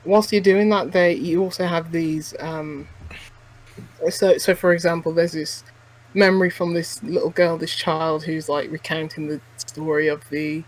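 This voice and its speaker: Rambling man, higher voice. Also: level tone, measured pace, low-quality recording. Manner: rambling, many restarts and "like" fillers. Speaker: podcast co-host. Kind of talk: casual chat reviewing a game.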